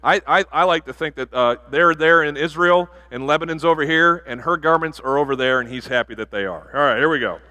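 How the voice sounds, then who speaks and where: Man, pastor, sermon in a church, bright tone, fairly high pitch, animated and joking. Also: a little fast, few pauses. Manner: animated, jokey preaching with bursts of loud emphasis. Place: church sanctuary.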